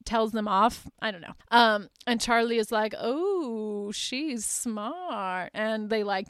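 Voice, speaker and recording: Chatty woman with a smooth, dry voice. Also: a little high, flat delivery, moderate pace, a bit bright, no echo. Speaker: podcast host. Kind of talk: casual movie recap.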